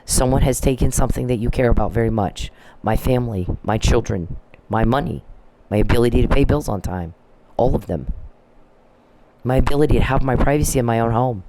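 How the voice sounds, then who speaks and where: A woman's voice: a bass voice, fairly quick, background noise. A woman vlogger in a heated personal rant, blunt and profane, often stopping and restarting her sentences. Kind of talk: angry personal rant to camera.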